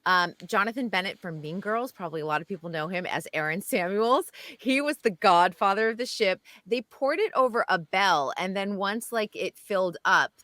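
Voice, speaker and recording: Brief: young woman co-host, casual, emotional, laughs easily, mid pitch. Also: animated, normal speed, hardly any pauses, bright, forceful tone, no room sound. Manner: emotional, laughing often, trailing off. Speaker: entertainment news co-host. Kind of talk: casual chat.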